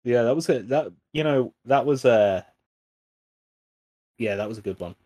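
A man's voice: medium pitch, moderate pace, no room sound. Dry-voiced man, swearing co-host. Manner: swears freely, relaxed, self-mocking. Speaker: podcast co-host. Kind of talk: casual chat.

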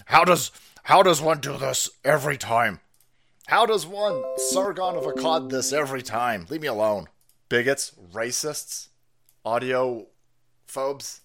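A man's voice: mid-range voice, lively intonation, measured pace, a bit bright, faint music behind. A man hosting a livestream with crude, joking commentary, laughing often between remarks. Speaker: stream host.

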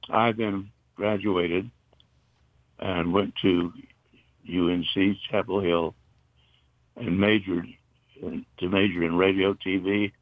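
Deep-voiced older man reminiscing. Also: dry recording. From North Carolina. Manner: rambling, halting storyteller with fillers. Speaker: interview guest, retired broadcaster. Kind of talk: casual reminiscing. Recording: dull, muffled dry recording.

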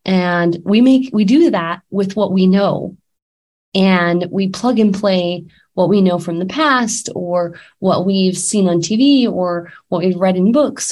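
A woman's voice: medium pitch, a little mellow. A woman in her thirties, a life coach, talking candidly and casually with many fillers and restarts, a little sick. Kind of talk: casual talk to camera.

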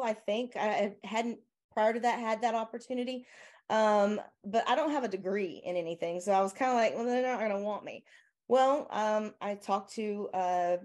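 A woman's voice: medium pitch, a little mellow. Southern woman guest, chatty, lots of ums and restarts, laughs easy. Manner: rambling, many fillers and restarts; laughs often. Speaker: guest, software owner. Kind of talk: casual interview chat.

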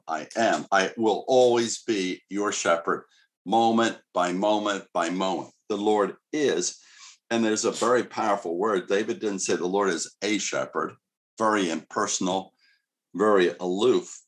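A middle-aged male pastor preaching a sermon in an earnest, conversational way with casual asides. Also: fairly low pitch.

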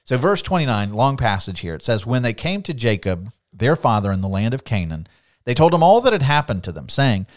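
A middle-aged man co-hosting a casual Bible study podcast, animated and laughing often as he acts out the voices of the people in the story. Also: medium pitch, brisk. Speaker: podcast co-host.

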